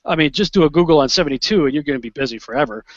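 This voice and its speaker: A man guest in an interview, telling a story in an animated, excitable way, often restarting and acting out what he said in the moment. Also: fairly high pitch, rapid-fire, no echo. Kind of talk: conversational storytelling. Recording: dull lo-fi sound.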